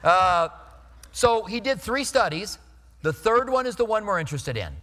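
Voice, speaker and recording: A male pastor preaching a sermon in a conversational, storytelling way, emphatic, dropping his voice low for serious points. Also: lively intonation, moderate pace, bright, forceful tone, in a large hall.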